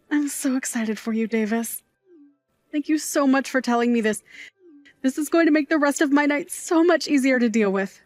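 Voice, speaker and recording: A woman playing a doting, playful middle-aged aunt who works nights at a bar, quick to mock offense and to tears. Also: high-pitched, no echo. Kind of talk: audio drama acting.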